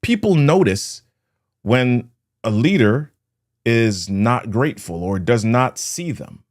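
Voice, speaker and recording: A man's voice: mid-range voice, animated, takes it slowly. A man hosting a motivational leadership talk who tells stories and acts out the scenes with sound words. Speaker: host of a leadership talk show.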